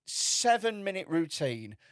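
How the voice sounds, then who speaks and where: A man's voice: sits high, dry recording, studio quality. Podcast guy rambling through funny stories, lots of restarts, voice bouncing all over. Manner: animated storytelling with quick restarts and laughter. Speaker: comedy podcast host. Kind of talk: casual chat.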